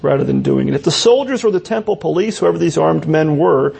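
A man's voice: a little high, fairly quick, gravelly, darkish tone, husky. A man preaching an expository sermon as a pastor, earnest and explanatory, often restarting his phrases.

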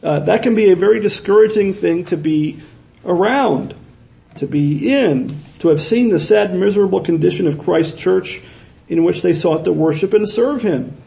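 Pastor, male, earnest sermon delivery with rhetorical questions; dark, mellow tone. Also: high-pitched, moderate pace, vocal fry, low-quality recording. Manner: earnest, repeats words for emphasis, asks rhetorical questions.

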